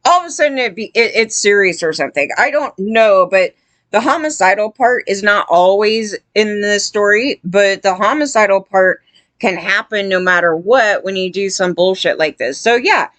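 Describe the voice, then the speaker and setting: A woman's voice: medium pitch, expressive, normal speed, fairly bright tone, no room sound. A woman giving casual, blunt commentary, rambling with lots of fillers and sounding disgusted.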